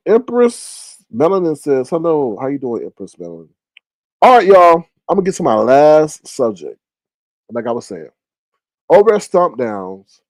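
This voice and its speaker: A man's voice: medium pitch, no room sound. A man hosting a casual livestream, chatting animatedly and reading viewer comments aloud. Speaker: livestream host. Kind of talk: casual live-stream commentary.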